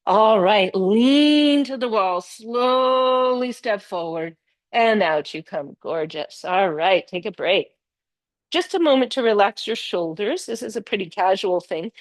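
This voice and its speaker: An older woman teaching a yoga class, giving steady cues and praising students by name. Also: mid-range voice, a little slow, dry recording. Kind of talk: live yoga class instruction. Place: yoga studio.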